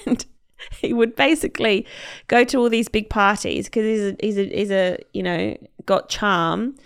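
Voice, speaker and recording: A woman's voice: mid-range voice, normal speed, vocal fry, smooth. A woman co-hosting a podcast, retelling a story in casual chat and acting out the quotes with lots of laughter. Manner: animated storyteller, acts out quotes, laughs often. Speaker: podcast co-host.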